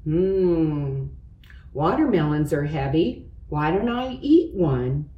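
A woman voicing a small, excitable male mouse in a storybook read-aloud, with a lively voice that sits a little lower than her narration. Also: slow, dull audio. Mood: eager. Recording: roomy, away from the mic.

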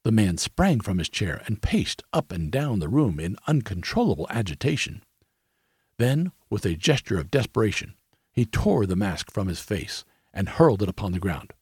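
Audiobook narrator: man, low raspy voice, animated, dry recording. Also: normal speed, dry recording. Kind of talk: scripted narration.

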